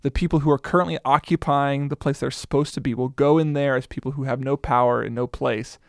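A man's voice: medium pitch, steady tone, quick pace, creaky, no room sound, studio quality. A man co-hosting a casual Bible discussion, reading verses aloud and commenting on them. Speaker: Bible study co-host.

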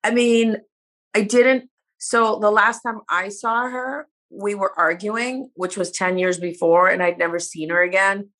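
A woman's voice: medium pitch, fairly even intonation, unhurried, fairly bright tone. A woman guest speaking candidly in a casual interview, sometimes losing her words. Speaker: reality show cast member guest.

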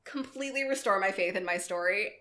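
A woman co-hosting a podcast in casual chat, animated and joking with crude humor, often laughing. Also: mid-range voice, fairly quick. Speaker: podcast co-host.

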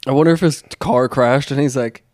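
A man's voice: medium pitch, brisk, a little mellow. A young man chatting casually on a podcast, laid-back, swearing a lot and laughing often. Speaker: podcast co-host. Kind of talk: casual chat.

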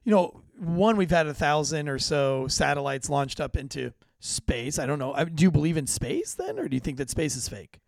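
Gravelly excitable podcast host. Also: male voice, on the high side, moderate pace, few pauses, no room sound, clean studio sound. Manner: excitable, swears casually. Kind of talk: casual podcast chat with sponsor reads.

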